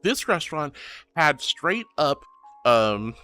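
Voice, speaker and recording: A man with a high, bouncy voice, hosting a casual livestream and reading chat aloud. His tone is bright and clear, gushing and affectionate toward each viewer. Soft music plays faintly behind him. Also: big pitch swings, slow. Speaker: streamer.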